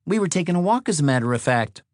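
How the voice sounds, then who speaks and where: A man's voice: on the high side, very animated, fast talker, dry recording, studio quality, pitched above the performer's own voice. A man voicing a tired young woman traveler who answers in short, direct replies. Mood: guarded.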